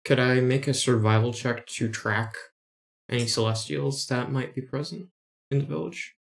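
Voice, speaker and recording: A man's voice: medium pitch, steady tone, normal speed, vocal fry. A man playing a tabletop game, easygoing and asking questions about the rules. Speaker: player.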